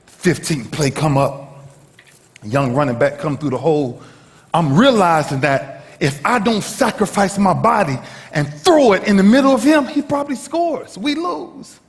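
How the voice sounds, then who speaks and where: Male motivational speaker, dramatic storyteller, very animated delivery in a reverberant hall. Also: unhurried. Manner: dramatic storyteller, swinging from shouts to hushed lows. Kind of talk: motivational speech to a live audience.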